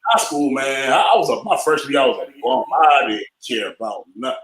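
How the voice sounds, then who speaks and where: Lively, animated man telling stories. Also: medium pitch, brisk, roomy sound. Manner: animated, laughing storyteller, breaks into loud teasing. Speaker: podcast co-host. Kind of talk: casual chat.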